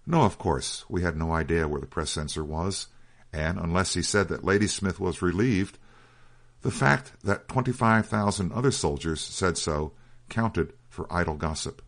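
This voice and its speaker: A man reading a war memoir aloud in a measured storytelling delivery. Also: sits low, vocal fry, fairly bright tone. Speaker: narrator. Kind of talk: audiobook narration.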